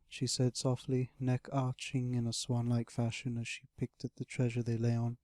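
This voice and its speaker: A man narrates a fantasy audiobook in a steady, measured storytelling style. His mid-range voice is recorded at studio quality with no room sound.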